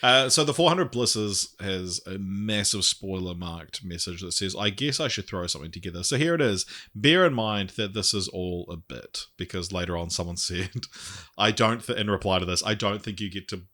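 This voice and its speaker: A man's voice: low voice, expressive, normal speed, sharp tone. A man co-hosting a podcast in casual chat, often laughing and reading out listener comments. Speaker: podcast co-host.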